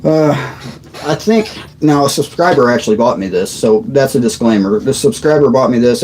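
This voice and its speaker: A man in his thirties hosts a casual livestream chat from his desk, sitting on a squeaky old chair and rambling, often trailing off mid-sentence. His voice is medium-pitched and warm, and the rough recording carries a little hiss or hum.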